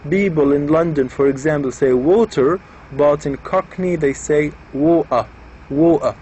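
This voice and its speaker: A man's voice: fairly high pitch, moderate pace, a little mellow, slight background noise, poor audio. A man giving an explanatory lecture, patiently repeating and rephrasing each point with examples.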